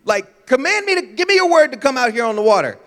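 A man's voice: extremely high pitch, big pitch swings, fast talker, fairly bright tone. A young man preaching a casual, jokey sermon in a church, acting out voices and sound effects as he goes. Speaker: pastor. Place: church auditorium. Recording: reverberant hall.

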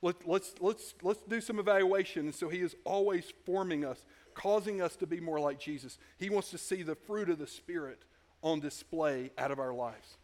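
A man preaching a sermon in a conversational way, often restarting his sentences and dropping into quiet asides. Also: a little high, normal speed. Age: adult. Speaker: pastor.

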